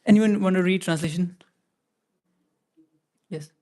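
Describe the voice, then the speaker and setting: A man's voice: high voice, measured pace, a little mellow. A man giving a scripture class in a temple, talking conversationally and often restarting and repeating phrases. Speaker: class speaker.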